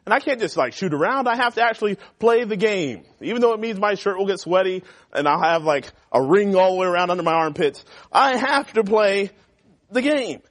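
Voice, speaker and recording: A youth pastor preaches to teenagers in a church classroom. His voice sits a little high for a man, and he talks in an animated, chatty way. He keeps swinging from loud emphasis to quiet asides. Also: a little fast. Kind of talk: youth group sermon.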